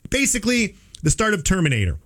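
A man's voice: high-pitched, huge pitch swings, fast, fairly bright tone, soft background music. Chatty man explaining with playful analogies. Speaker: podcast co-host. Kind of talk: casual chat.

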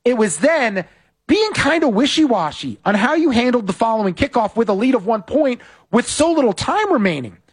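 With a very high-pitched, slightly rough voice at normal speed, a West Coast man hosts a sports betting podcast. Animated and opinionated, he recaps football games and sharply criticizes coaching decisions.

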